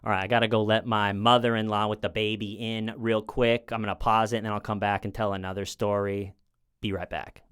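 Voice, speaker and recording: A man's voice: on the low side, flat delivery, a little fast, fairly bright tone, clean tone. A man in his thirties, a comedian, casually telling a rambling true-crime story at home, often restarting his sentences. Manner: rambling, with many restarts, acting out quoted people.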